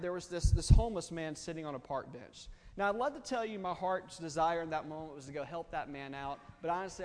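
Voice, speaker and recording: A man tells a story from the pulpit, candid and ready to laugh at himself. His voice sits fairly high for a man. The long reverb of a large hall trails after his words. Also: a little mellow. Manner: candid, self-deprecating, conversational. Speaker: preacher. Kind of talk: storytelling sermon. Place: church or auditorium.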